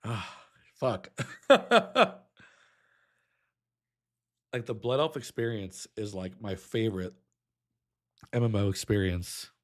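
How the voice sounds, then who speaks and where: A man's voice: on the low side, normal speed, darkish tone. A young adult man streaming, reacting with emotion, choked up and nostalgic, humming a melody now and then.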